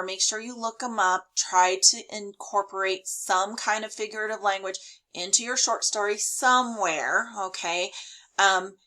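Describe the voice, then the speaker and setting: A woman's voice: fairly low pitch, sharp tone, poor audio. A woman teacher talking students through a lesson in a chatty way, full of fillers. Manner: talks directly to students. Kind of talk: recorded online lesson.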